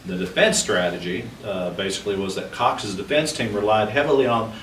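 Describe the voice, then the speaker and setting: A man's voice: lowish voice, fairly quick, a bit bright. A man talking through Old West history in a casual discussion, with many fillers and restarts. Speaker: podcast co-host, history researcher. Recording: roomy, distant mic with faint noise.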